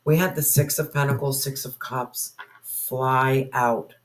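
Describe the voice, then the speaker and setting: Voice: medium pitch, fairly even intonation, slow pace, slight background noise, poor audio. A tarot reader giving a spoken reading to viewers, musing aloud and asking spirit questions in an intuitive way.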